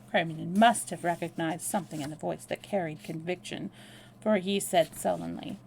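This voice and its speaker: A woman reading a novel aloud as a storyteller, in a calm narrating manner. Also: lowish voice, moderate pace, creaky, slightly rough.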